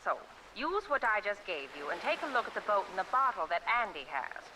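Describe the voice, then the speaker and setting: An actress voicing a reclusive widowed woman in a point-and-click mystery game, speaking in a confiding, measured way. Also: mid-range voice, big pitch swings, noisy background, lightly acted.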